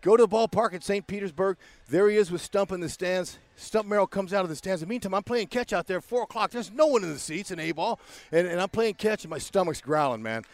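A man in his sixties from Fresno, California, a baseball broadcaster telling animated stories as a guest, slangy, acting out dialogue and repeating himself. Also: high voice, fast, no echo. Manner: lively storyteller, slangy, acts out dialogue, repeats words.

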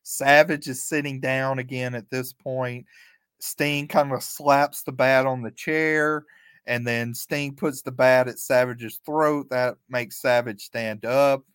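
A man co-hosting a podcast, recapping events play by play in a relaxed, chatty way and chuckling often. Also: mid-range voice, slow, clear, resonant tone, dry recording. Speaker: podcast co-host. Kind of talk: casual recap chat.

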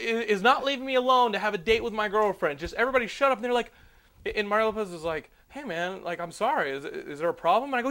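A man's voice: high voice, lively intonation, fast, pushed and bright. A young man hosting a podcast, telling a long story in a rambling, profane way and acting out the dialogue. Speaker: podcast host. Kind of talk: casual podcast chat.

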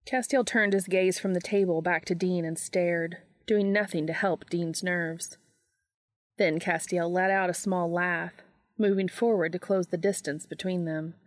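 A woman narrating a fan fiction audiobook in a steady, measured way. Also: fairly low pitch, no room sound.

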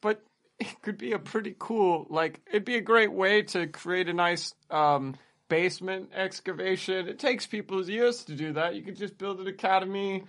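Tabletop player, deadpan, joking, mid pitch. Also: moderate pace. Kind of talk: tabletop game banter.

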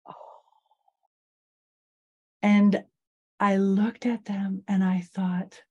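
A middle-aged woman, a guest in an interview, slowly and reflectively telling a personal story of loss. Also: mid-range voice, flat delivery, darkish tone, husky, lo-fi sound.

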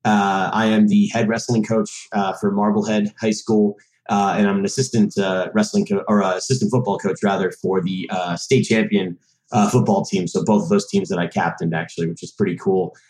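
A man's voice: lowish voice, flat delivery, fairly quick, a little mellow. A man in his thirties from Massachusetts, a podcast guest chatting casually and rambling with lots of fillers and restarts. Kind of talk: casual chat. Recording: roomy echo.

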